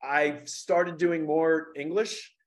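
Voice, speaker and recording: A man's voice: on the high side, fairly even intonation, slow. A man with a slight Indiana drawl, a stand-up comic telling stories loosely and with a lot of swearing in a casual interview. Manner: loose and profane, storytelling. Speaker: stand-up comedian and show producer.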